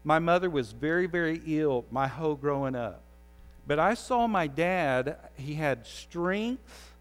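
A man's voice: on the high side, animated, measured pace, in a large hall, soft background music. A man preaching a conversational sermon as the pastor. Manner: conversational preaching, pleading with the audience.

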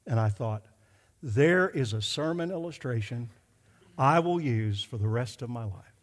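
A middle-aged male pastor telling a story in a sermon, emphatic and slowing down to stress his points. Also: medium pitch, animated. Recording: hall reverb.

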